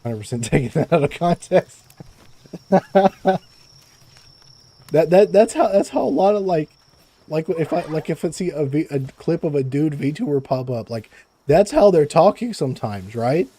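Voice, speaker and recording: On a live game stream, a young man chats in a husky, mellow voice that sits a little high, expressive but measured in pace. He stammers, repeats words and laughs often, staying close to his desk microphone.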